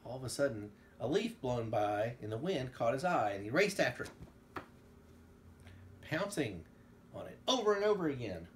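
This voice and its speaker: A man reading a storybook aloud at home to a child, with animated storytelling and quick asides. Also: mid-range voice, slight background noise.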